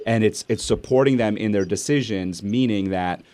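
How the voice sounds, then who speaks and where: Low-voiced man telling a story. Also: normal speed, no echo. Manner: animated, acts out family dialogue. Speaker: podcast host and speaker. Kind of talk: casual storytelling in an interview.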